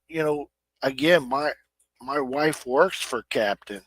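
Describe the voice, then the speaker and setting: A man's voice: medium pitch, slow, fairly bright tone, dry recording, poor audio. A middle-aged man from Indiana with an American Midwestern accent, hosting a casual livestream chat in a plain-spoken, emphatic way. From Indiana, USA. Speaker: livestream host.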